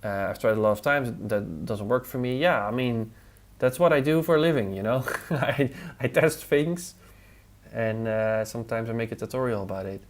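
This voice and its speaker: A man's voice: mid-range voice, moderate pace. A man on a casual live stream, thinking aloud as he works and answering viewers' questions between tasks. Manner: muttering to himself, answering chat between tasks. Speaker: live streamer testing design software. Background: relaxed music playlist.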